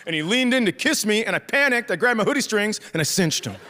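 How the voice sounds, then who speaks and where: A middle-aged man doing stand-up storytelling with animated, crude delivery that jumps higher for the punchlines. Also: fast, big-room sound. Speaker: stand-up comedian.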